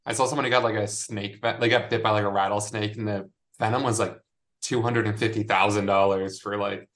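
A woman's voice: rumbling low, fairly even intonation, fairly quick. A woman co-hosting a casual podcast, laid-back, chiming in with short comments and stories. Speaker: podcast co-host. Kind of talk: casual chat.

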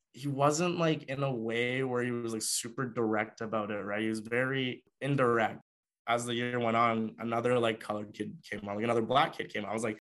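A man's voice: medium pitch, fairly bright tone. Young man telling a story casually. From Canada. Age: young adult. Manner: conversational, many "like" fillers. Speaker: former hockey player.

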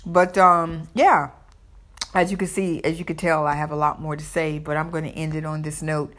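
A woman's voice: deep voice, little pitch movement, normal speed, a bit bright. Rambling Southern woman podcaster. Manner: rambling, repeats and restarts words. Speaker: podcast host. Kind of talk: casual solo podcast monologue.

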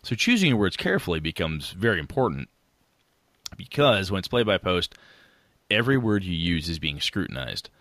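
A man co-hosting a podcast, chatting casually about tabletop gaming in a rambling, animated way with casual swearing. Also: low-pitched, normal speed, dry recording. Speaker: podcast co-host.

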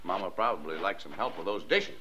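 Patient small-town dad, low voice, gentle and teasing; 1940s radio drama, dull hissy sound. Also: male voice, lively intonation, a little fast, husky, heavily acted. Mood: fond. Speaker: father in radio play.

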